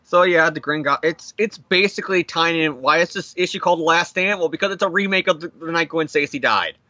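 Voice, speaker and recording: A young man breezes through a comic recap, swearing freely and slipping into quick character voices. His voice is bright and fairly high. The recording is dry and a little dull, with no room sound. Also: dry recording. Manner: animated, swearing, acts out characters in quick bits. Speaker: comic podcast co-host. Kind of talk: casual comic recap chat.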